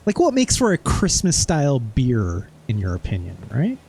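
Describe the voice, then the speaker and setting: A man's voice: medium pitch, wildly swooping pitch, moderate pace, darkish tone, slight background noise. A male streamer in casual gameplay commentary. He chats while he plays and mutters mild curses when things go wrong.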